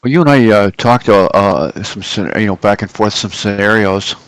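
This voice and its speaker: A man's voice: on the low side, moderate pace, clean tone, no echo, rough recording. A middle-aged man hosting a live trading stream, chatting loosely with many fillers and self-corrections. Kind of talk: casual live market commentary.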